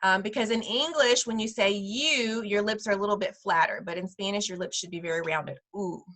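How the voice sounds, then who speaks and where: Bright-voiced woman teaching a class. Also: medium pitch. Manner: slow, clear modeling of sounds, repeating each word. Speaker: preschool director teaching a parent Spanish class. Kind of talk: online class instruction.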